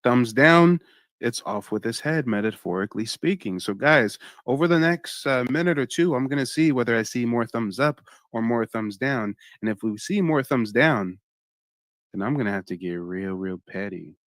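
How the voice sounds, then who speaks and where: A young man hosting a live-stream reaction, talking straight to his chat in an animated way and exclaiming often. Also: mid-range voice, moderate pace, dry recording.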